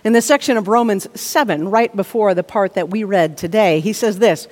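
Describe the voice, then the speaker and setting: A woman's voice: medium pitch, moderate pace, hardly any pauses, a little mellow. A woman preaching a sermon, reading scripture and then speaking earnestly, building to emphatic intensity. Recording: long reverb of a large hall.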